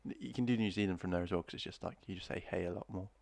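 Podcast co-host, man, very low pitch, playful, dry close-miked sound. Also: very fast, creaky, darkish tone, no echo. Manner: jokey, trying out silly accents. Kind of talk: casual chat.

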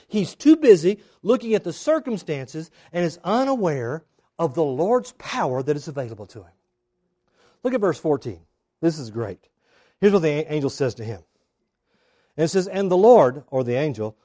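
A man preaching a sermon, acting out the people in the story with big swings in loudness and emphasis. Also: normal speed. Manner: animated, acts out quoted voices with big swings in pitch and loudness. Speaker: pastor.

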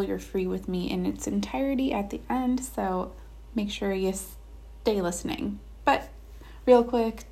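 A woman's voice: medium pitch, gravelly, a little mellow. A woman hosting a podcast, talking in an upbeat, hyped, casual way. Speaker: podcast host.

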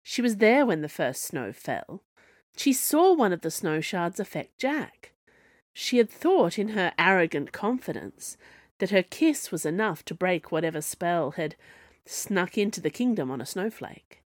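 A woman author narrating her own serialised fiction in a measured storytelling manner. Her voice sits a little low, and the recording is dry and close with no room sound. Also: sing-song, no room sound. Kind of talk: scripted narration.

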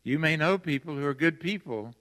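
A man's voice: a little high, fairly bright tone. Older man preaching in a reverberant church. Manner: earnest, emphatic, with slow stressed phrases. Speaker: pastor. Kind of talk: sermon. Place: large church sanctuary. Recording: long hall reverb from a church sanctuary.

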